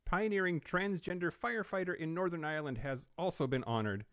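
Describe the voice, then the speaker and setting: A man's voice: on the high side, a little fast, fairly bright tone, no room sound. A man co-hosting a podcast, reading out news items with wry asides and frequent fillers in a casual studio chat. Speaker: podcast co-host.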